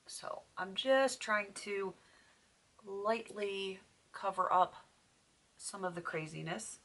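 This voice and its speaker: A woman's voice: medium pitch, slow, a bit bright. A woman chatting through a makeup tutorial as a beauty vlogger, while losing her voice. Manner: chatty and self-deprecating, thinks aloud. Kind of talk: casual makeup tutorial chat.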